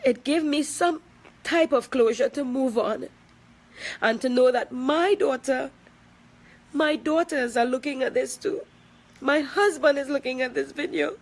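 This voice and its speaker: High-voiced tearful Trinidadian woman, slow. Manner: tearful, emphatic and repetitive. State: crying at times. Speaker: person speaking out in a personal video. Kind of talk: emotional personal video statement.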